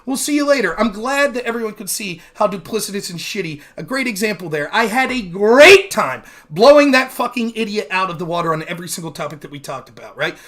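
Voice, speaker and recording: A man's voice: high-pitched, a bit bright. A man hosting a live stream, arguing heatedly with a caller and then ranting about it, combative and profane, mocking his opponent. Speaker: host.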